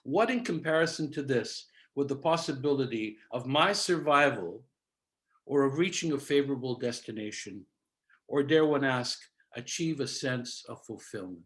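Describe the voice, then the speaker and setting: A man's voice: medium pitch, expressive, a bit bright. Older man telling a reflective story. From Canada. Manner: measured, didactic, sprinkles Yiddish words. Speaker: cantorial soloist giving a talk. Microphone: video call.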